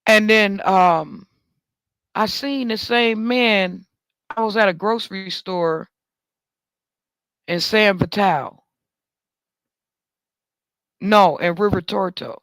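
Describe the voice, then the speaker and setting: A man with a high, light voice spins a casual story as host of a talk show. He talks with animated swings, jumping higher when he jokes about himself. The sound is close and dry, with no room around it. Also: slow, vocal fry, pauses often, smooth, no echo.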